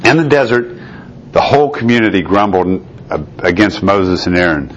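A man's voice: sits low, animated, normal speed. A man teaching a Bible study, reading scripture aloud and then explaining it in a conversational way. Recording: dull lo-fi recording with faint noise.

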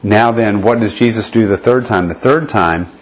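A man's voice: lowish voice, normal speed. A man leading a conversational Bible study lesson, explaining step by step and often checking in with his listeners. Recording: dull lo-fi recording.

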